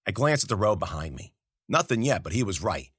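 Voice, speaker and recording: A man's voice: on the low side, sing-song, a little fast, a bit bright, slightly rough, dry recording, clean studio sound. A man narrating a first-person story in a gritty, slangy, profane voice. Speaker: audiobook narrator.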